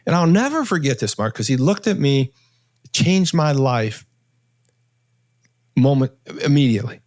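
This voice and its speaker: A man in his sixties, a podcast guest, telling a personal story in an earnest, halting way with many restarts and pauses. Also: medium pitch, sing-song, darkish tone, dry recording, studio quality. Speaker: podcast guest, author and entrepreneur.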